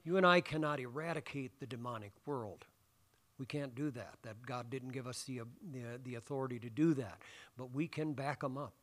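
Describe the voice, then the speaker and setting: A male pastor delivers a sermon in a church sanctuary, with a voice of ordinary middle pitch for a man. He talks in a loose, conversational way, throwing questions out to the congregation. He fills his pauses with ums and uhs. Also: fairly bright tone. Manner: conversational, asks the congregation questions, many fillers.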